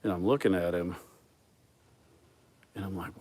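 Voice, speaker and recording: Man hosting a loose live chat; deep voice, foul-mouthed, chuckling storyteller. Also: a little slow, darkish tone. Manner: profane, laid-back, laughs often. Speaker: livestream host. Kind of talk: casual chat, rambling storytelling.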